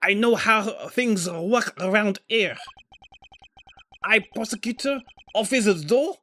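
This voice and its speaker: A man putting on a shrill, haughty prosecutor. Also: slow pace, sharp tone, exaggerated voice. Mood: accusing. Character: haughty adult male prosecutor, accusing.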